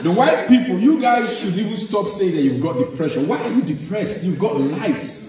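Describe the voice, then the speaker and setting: A man from Nigeria with a Nigerian accent, performing a stand-up comedy set and mimicking parents and children in squeaky voices. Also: lively intonation, normal speed. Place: large theater stage. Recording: echoey live hall from a distance, loud crowd laughter.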